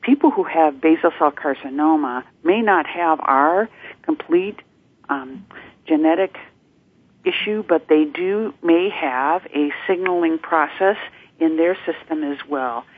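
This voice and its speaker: Guest: woman, measured and clinical, slightly husky, phone line. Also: deep voice. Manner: informative, measured, clinical terms. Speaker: guest from a support network. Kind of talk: radio interview.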